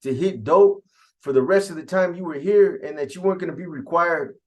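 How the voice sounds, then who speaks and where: Stern enforcers grilling a member, pitched higher, voiced by a male narrator. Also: expressive, racing. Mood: scolding. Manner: demanding, scolding questions. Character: stern prison gang enforcers scolding a member.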